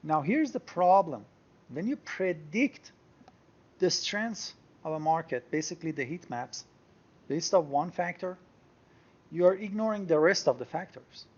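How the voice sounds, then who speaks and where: A man teaching a software screen-share tutorial, explaining step by step and thinking aloud as he clicks through charts. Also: a little high, lively intonation, unhurried, breathy edge, lo-fi sound. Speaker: trading software instructor.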